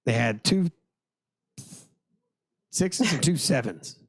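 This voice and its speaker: A hoarse man co-hosting a podcast, chatting about sports in a rambling, crude, jokey way. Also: mid-range voice, lively intonation, takes it slowly, dry recording. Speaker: podcast co-host. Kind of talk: casual sports chat.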